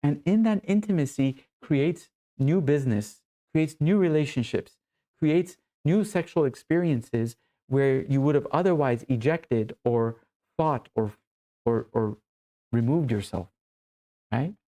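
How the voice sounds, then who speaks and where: An earnest male coach speaks straight to the viewer in a mellow, warm voice, close and personal. He slows on key phrases to let them land. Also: medium pitch. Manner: earnest, intimate, addresses viewer as brother. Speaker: men's coach. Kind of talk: direct-to-camera coaching monologue.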